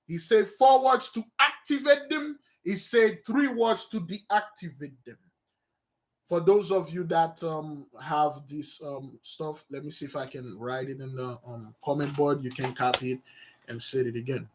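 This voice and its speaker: A man with a high voice leads an unhurried, informal study session. He talks his way through the text at a slow pace, thinking aloud and often stopping to correct himself. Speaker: study host.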